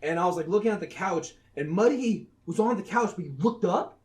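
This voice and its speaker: High, lively swearing storyteller man. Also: brisk. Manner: animated, profane storytelling with loud laughing outbursts. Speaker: podcast co-host. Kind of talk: casual chat.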